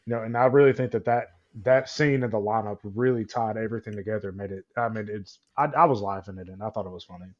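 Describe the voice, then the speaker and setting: A man's voice: on the low side, quick pace, few pauses, highs cut off. A man co-hosting a movie podcast in easygoing casual chat, trailing off into fillers. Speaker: podcast co-host.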